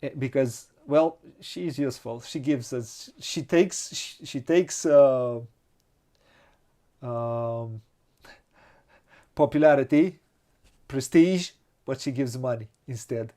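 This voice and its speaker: Host of a tabletop playthrough: a man with a Romanian accent who speaks at a very unhurried pace and mutters his moves aloud. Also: mid-range voice, warm tone. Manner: slow, hesitant, muttering to himself, laughs often. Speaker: board game channel host. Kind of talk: thinking aloud during a board game playthrough.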